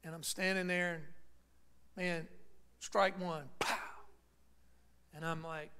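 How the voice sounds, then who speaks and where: A man's voice: high-pitched, lively intonation, takes it slowly, pauses often, bright, forceful tone, clean tone. A man preaching in church, telling a personal story that builds into fervent preaching. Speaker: pastor.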